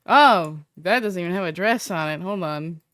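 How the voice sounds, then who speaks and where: A woman streamer with a fairly low, expressive voice and fairly bright tone chats at a moderate pace, with no room sound. She rambles casually and profanely, half to herself, to her viewers while setting up a roleplay character.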